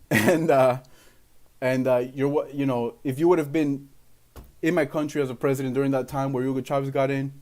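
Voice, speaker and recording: A man's voice: medium pitch, fairly even intonation, moderate pace, darkish tone. A man from Venezuela, hosting a ranting political livestream in an emphatic, rambling way with lots of fillers.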